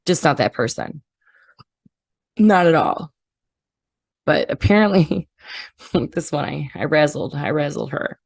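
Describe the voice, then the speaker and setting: Low-voiced woman, blunt and indignant. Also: expressive, moderate pace, gravelly, husky, dry recording. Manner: blunt, indignant, profane retelling. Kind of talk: casual podcast chat.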